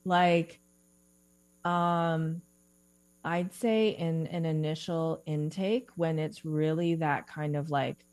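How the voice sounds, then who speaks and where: A woman's voice: low-pitched, steady tone, slow pace, darkish tone, no echo. A woman career coach talking casually as an interview guest, explaining with examples and laughing easily.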